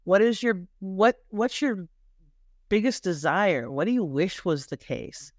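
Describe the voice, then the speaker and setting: Canadian woman, middle-aged, a lively marketing coach, mid pitch, dry close recording. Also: a little slow, dry recording. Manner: animated and emphatic, with repetitions and restarts. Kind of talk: conversational podcast interview.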